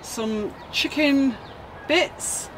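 Playful mum cooking outdoors. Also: female voice, high-pitched, drawn-out words, background noise. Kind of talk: casual family vlog. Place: outdoors at a caravan park.

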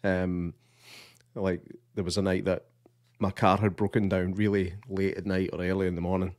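A man with a Scottish accent, co-hosting a casual podcast, relaxed and hesitant, with dry humour. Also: low voice, normal speed, dry recording. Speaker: podcast co-host.

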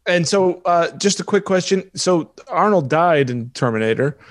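A man hosts a film podcast, asking questions and reasoning out the logic of the story. His voice sits at an ordinary pitch and sounds dry and close. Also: expressive, normal speed, no room sound. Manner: inquisitive, reasoning things out. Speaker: podcast host. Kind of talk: casual film discussion.

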